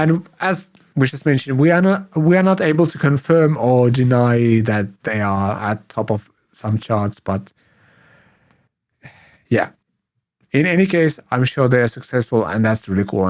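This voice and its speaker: A man co-hosting a podcast in casual chat, hoarse and sick with flu, hesitant and full of fillers. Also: lowish voice, a little mellow. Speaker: podcast co-host.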